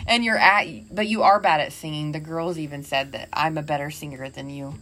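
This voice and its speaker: A woman's voice: sits low, fairly even intonation, a little fast, a bit bright. A woman co-hosting a podcast with her husband, chatting casually and teasing him. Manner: teasing, laughs often. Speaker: podcast co-host. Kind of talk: casual chat.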